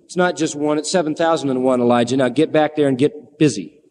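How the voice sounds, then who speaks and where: A man preaching a sermon in a lively storytelling manner, acting out the quoted lines. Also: mid-range voice, fast talker, big-room sound.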